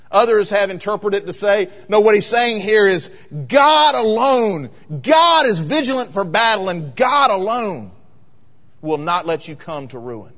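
A man preaching a sermon as pastor, emphatic and rising to loud peaks in a church sanctuary. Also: high voice, expressive, normal speed. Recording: long reverb of a large hall.

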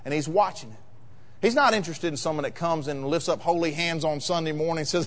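A male pastor preaching a sermon, acting out voices and building to loud, emphatic peaks. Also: fairly high pitch, fast. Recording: long hall reverb.

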